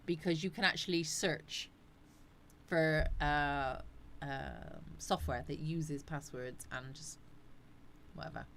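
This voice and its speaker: A woman's voice: low-pitched, steady tone, slow pace, a bit bright, slight background noise. A woman hosting a casual live chat, rambling and answering viewers' comments. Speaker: live stream host.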